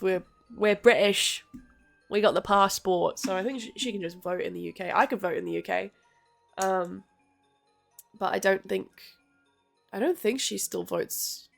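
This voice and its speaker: Chatty woman with a gravelly edge. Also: medium pitch. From Australia. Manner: chatty, swears freely, lots of "like". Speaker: streamer. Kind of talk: casual rambling chat. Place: home room, then kitchen.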